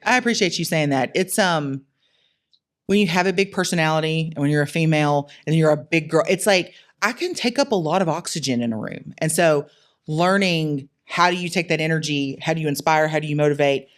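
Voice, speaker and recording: A woman guest on a podcast interview, telling lively, jokey stories and poking fun at herself. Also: low voice, brisk. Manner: lively, jokey, self-mocking, acts out quotes. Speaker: entrepreneur guest. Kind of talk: animated storytelling in a podcast interview.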